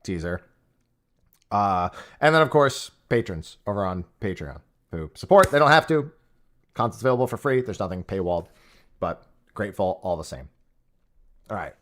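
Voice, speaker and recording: A man's voice: lowish voice, big pitch swings, moderate pace, pauses often, a bit bright. A man hosting a casual gaming podcast, talking in a rambling, self-interrupting, joking way. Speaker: podcast host.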